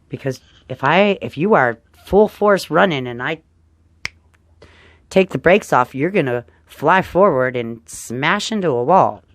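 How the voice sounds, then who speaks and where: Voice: mid-range voice, dry recording. An astrologer giving a casual forecast to viewers, chatty and upbeat, often tagging on "right?" and calling listeners dear friends.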